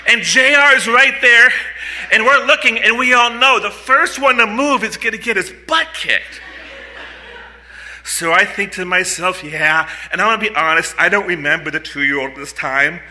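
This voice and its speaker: A man in his fifties from the United States, telling a true story live on stage into a mic on a stand, with animated, punchy delivery and comic asides. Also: high voice, normal speed. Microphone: mic on a stand in front of him.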